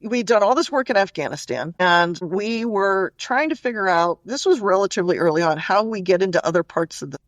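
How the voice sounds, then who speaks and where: A woman's voice: mid-range voice, fairly quick, hardly any pauses, no room sound. Chatty middle-aged woman telling stories. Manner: animated, chatty storyteller with many "you know" and "like" fillers. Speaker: guest. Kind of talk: casual storytelling interview.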